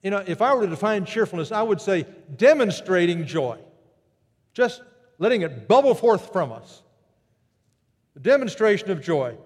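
A man preaching a sermon, animated and storytelling, who jumps his pitch up high to act out quoted greetings. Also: long reverb tail. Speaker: pastor.

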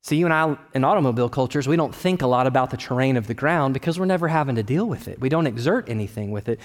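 A man in his thirties from Texas preaching a sermon, conversational with personal stories, rising to loud emphatic bursts and dropping to quiet low asides. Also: lively intonation, quick pace, hardly any pauses. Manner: conversational, with restarts and personal anecdotes. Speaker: pastor.

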